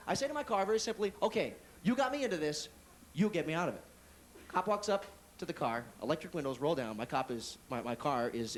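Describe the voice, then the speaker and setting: A male comedian doing stand-up in a comedy club, telling a story fast with restarts. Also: fairly high pitch, slight background noise. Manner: rapid, animated storytelling with restarts.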